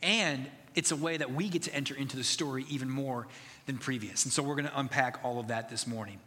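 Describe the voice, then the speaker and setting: A man's voice: mid-range voice, fast talker, sharp tone, big-room sound. A man preaching a sermon as pastor, earnest and conversational, building to emphatic passages.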